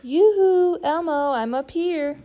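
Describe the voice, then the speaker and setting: A woman's voice: fairly high pitch, expressive, moderate pace, dark tone. A woman voicing a cheerful, childlike giant bird in a storybook read-aloud, eager and wondering. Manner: eager, wondering, sometimes plaintive.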